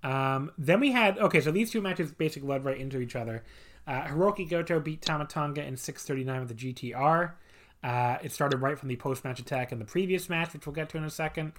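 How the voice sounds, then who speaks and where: A man talking through wrestling matches on a podcast, blunt and opinionated, with a voice sitting a little high for a man. He swears freely and never holds back his verdicts. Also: fast, fairly bright tone. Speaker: podcast co-host. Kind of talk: casual podcast chat reviewing wrestling matches.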